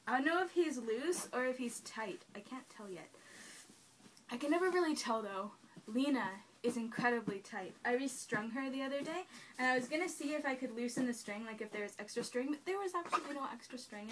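A woman's voice: on the high side, slight background noise. Gushing young woman unboxing a doll. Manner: gushing, excitable, talks to the doll. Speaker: doll collector vlogger. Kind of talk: casual unboxing chat. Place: room at home, kneeling on the floor. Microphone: camera mic.

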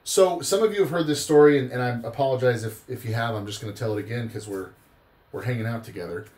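A man's voice: medium pitch, fast talker, a little mellow. A tired man hosting a live card-break stream, chatting casually and rambling into long personal stories. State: tired after a long day.

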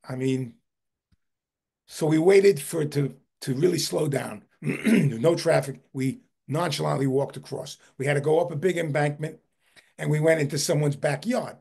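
A man who heads a historical society gives a video-call book talk. He tells an animated anecdote and often repeats his words. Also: on the high side, moderate pace, gravelly, husky. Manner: animated, repeats words while telling a story.

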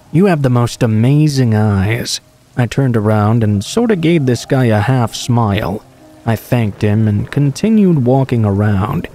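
A man narrates true horror stories in a calm, even reading voice. His tone is dark and mellow, sitting at an ordinary middle pitch.

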